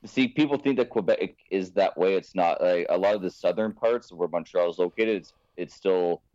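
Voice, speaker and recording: A Canadian man co-hosting a podcast, easygoing and quick to laugh. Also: low-pitched, darkish tone, no echo, muffled recording. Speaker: podcast co-host. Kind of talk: casual chat.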